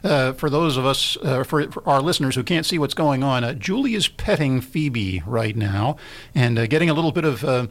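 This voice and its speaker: A man hosting a morning radio interview show, who asks his questions haltingly with many fillers. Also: medium pitch.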